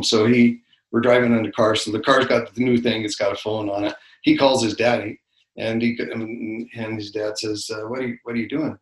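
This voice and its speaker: A man's voice: lowish voice, little pitch movement, brisk, echoey room, poor audio. An older man co-hosting a casual faith podcast, telling stories in a rambling way with many restarts and fillers. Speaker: podcast co-host.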